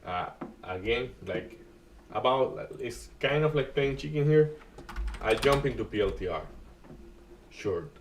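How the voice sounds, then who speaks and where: A man hosting a live day-trading stream, talking through market moves in a halting way with many restarts and uneven grammar. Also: mid-range voice, expressive, recorded from a distance, a little hiss or hum. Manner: halting, restarts often, non-native grammar.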